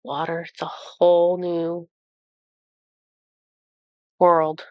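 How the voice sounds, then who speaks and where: A woman with a cold, reading oracle cards and channeling messages for viewers in a halting, awestruck way with many pauses. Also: fairly low pitch, monotone, dry recording, highs cut off. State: has a cold. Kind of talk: intuitive card reading to viewers.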